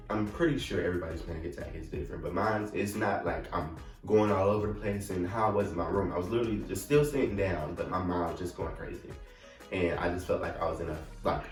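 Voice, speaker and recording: A man's voice: on the low side, recorded from a distance. Young man telling a storytime, roomy sound. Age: young adult. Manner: animated, acts out his own panicked quotes. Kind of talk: casual storytime.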